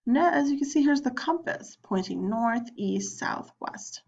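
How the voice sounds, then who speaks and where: A woman teacher clicks through an online lesson with her students, chatting casually and voicing their questions herself, so she plays both student and teacher. Her slightly high voice is animated, creaky, a little mellow and slightly rough, at a measured pace. This screen-recorded walkthrough has dull audio.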